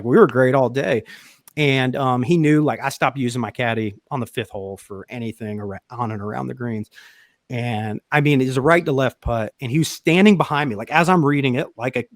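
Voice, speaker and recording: A man at a mid-pitched, ordinary register tells a golf podcast story on a close, dry studio mic. He talks loosely and animatedly, swears without a second thought and keeps laughing through his own lines. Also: fairly quick, dry recording. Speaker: podcast host.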